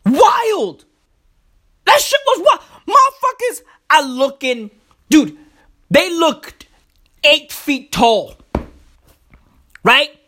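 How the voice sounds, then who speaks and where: A man delivering a profane comedic rant, loud and excitable, full of slang and repeated words. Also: very high voice, very slow, pauses often. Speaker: comedic ranter.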